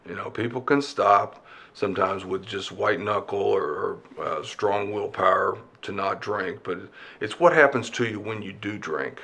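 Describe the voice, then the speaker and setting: A man with a low, gravelly voice speaks as an addiction expert in an interview. He talks in a measured way and sometimes pauses to find his words. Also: pushed and bright. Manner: measured, hesitant, with fillers. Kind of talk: explanatory interview.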